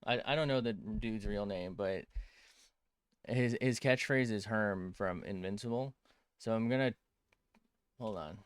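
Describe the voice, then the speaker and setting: A man's voice: on the low side, measured pace, pauses often, clear, resonant tone, no room sound, studio quality. A man chatting casually as an art streamer while drawing on a tablet, rambling, cutting himself off mid-sentence and swearing freely.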